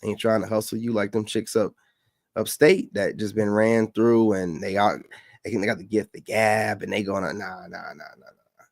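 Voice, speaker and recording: A man's voice: fairly low pitch, flat delivery, moderate pace, no echo, studio quality. A man from the Carolinas giving casual reaction commentary, lecturing and repeating his points for emphasis.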